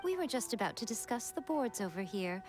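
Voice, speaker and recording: A woman's voice: fairly high pitch, sing-song, a little fast, over music. An actress playing a sly, elegant woman in a game who talks in a teasing, languid way. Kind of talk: video game voice acting.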